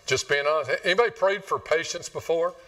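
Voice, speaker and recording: A man's voice: fairly high pitch, fairly quick, fairly bright tone. Male pastor, casual joking sermon, heard from a distance in a church. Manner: conversational, joking with the congregation. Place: church sanctuary.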